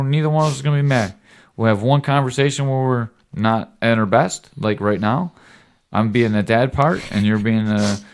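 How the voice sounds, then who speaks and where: In a clean, medium-pitched voice, a man on his podcast delivers an earnest, rambling lecture to his son. The talk is casual, sprinkled with occasional cussing and frequent "right?" check-ins.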